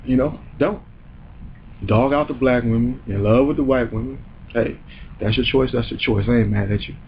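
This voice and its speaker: A man's voice: mid-range voice, moderate pace, dull audio, a little hiss or hum. Man ranting, profane and mocking. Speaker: comedy show host. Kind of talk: ranting comedic commentary.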